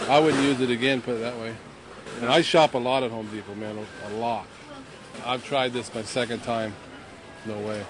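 A man's voice: medium pitch, moderate pace. Grumbling male shopper, noisy store. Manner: blunt, grumbling.

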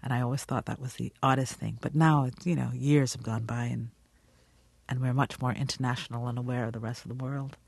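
A middle-aged actress from Guyana with a British accent, speaking thoughtfully in a radio interview. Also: female voice, extremely low pitch, fairly even intonation, fairly quick, vocal fry, a little mellow, husky, no echo. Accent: British English.

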